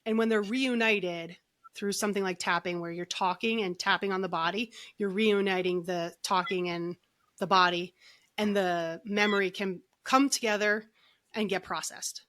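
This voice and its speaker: Woman, middle-aged, podcast guest, bright tone, chatty, restarts mid-sentence. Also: medium pitch, steady tone, normal speed. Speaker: guest, energy healer and author. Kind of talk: casual podcast interview storytelling.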